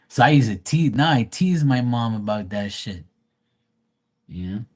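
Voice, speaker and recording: A man's voice: mid-range voice, expressive, slow, a little mellow. A middle-aged man hosting a casual livestream, talking bluntly and swearing freely, acting out family members' voices when he quotes them. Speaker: livestream host.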